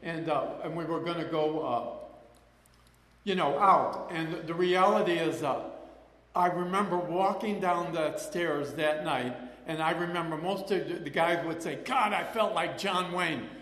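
A man's voice: a little high, a little slow, a bit bright. An older man sharing a personal recovery story, rambling with restarts and acting out voices of people he remembers. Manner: rambling, with many restarts and acted-out quotes. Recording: echoey hall with long reverb.

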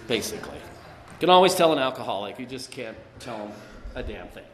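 A man's voice: mid-range voice, animated, a little fast, slight background noise. A man giving a personal recovery testimony at a meeting, a rambling storyteller who leans on "you know". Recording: echoey hall with long reverb.

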